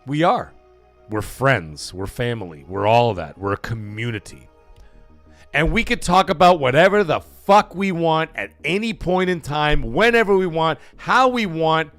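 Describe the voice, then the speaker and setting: A man's voice: a little high, measured pace, no echo, soft background music. A man hosting a live stream, chatting casually and rambling, with frequent swearing. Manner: profane, rambling, animated.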